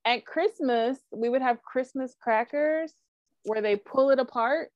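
A woman co-hosting a podcast in casual chat, animated and full of asides. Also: sits high, unhurried, dry recording. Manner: animated, with frequent likes and asides. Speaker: podcast co-host. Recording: dry, dull lo-fi sound.

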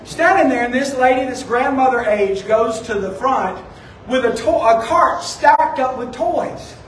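A pastor with a strikingly high voice preaches in a loose, storytelling way. He sounds a little distant from the mic, and his voice rings in a roomy, echoing sanctuary over faint background noise. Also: lively intonation, unhurried, a bit bright. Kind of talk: sermon. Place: church sanctuary. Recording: echoey room, distant from the mic.

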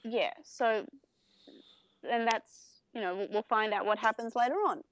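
A woman's voice: a little high, unhurried, a little hiss or hum. A young woman co-hosting a casual podcast, recapping an anime at length with many fillers and restarts. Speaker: podcast co-host. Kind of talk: casual chat comparing anime versions.

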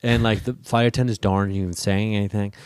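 A man telling a long personal story in casual talk, lively and profane, acting out the people in it. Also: lowish voice, fast, smooth, no room sound. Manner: animated, swears freely, acts out the people in his story.

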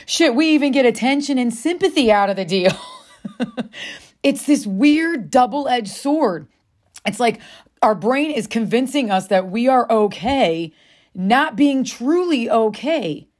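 A woman's voice: a little high, animated, measured pace, darkish tone. A woman speaking as a self-help speaker, telling a personal story in a chatty, confiding way. She swears freely and calls the listener "friend.". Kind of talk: candid personal storytelling to camera.

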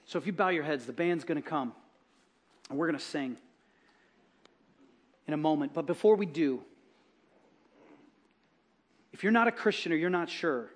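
Storytelling male pastor, higher voice. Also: expressive, fairly quick, pauses often. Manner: storytelling, acts out quoted dialogue softly. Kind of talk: sermon. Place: church.

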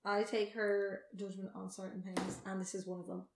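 A woman's voice: mid-range voice, level tone, moderate pace. Rambling woman co-host, echoey room. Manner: rambling, laughs a lot. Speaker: podcast co-host. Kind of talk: casual chat.

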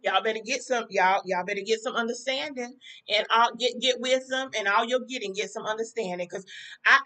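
A woman's voice: fairly high pitch, brisk, sharp tone, rough recording. A woman hosting a talk podcast, giving fired-up, preachy commentary to her listeners. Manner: preachy, fired-up, talks straight to listeners as y'all. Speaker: podcast host. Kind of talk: casual commentary to a live chat.

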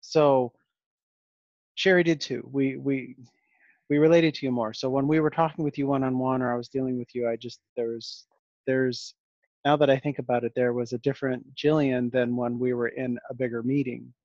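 Podcast host guy, halting, restarts a lot, dry sarcastic tone, dull lo-fi sound. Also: mid-range voice, steady tone, a little mellow, no room sound. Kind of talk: casual conversation.

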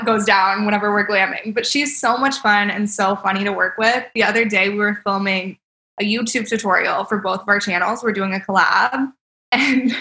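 A celebrity makeup artist, a young woman, is a guest on a podcast, telling stories in casual chat with a roomy echo around her. Her voice sits on the high side, bright and forceful, bubbly, full of "like," and punctuated by frequent laughter.

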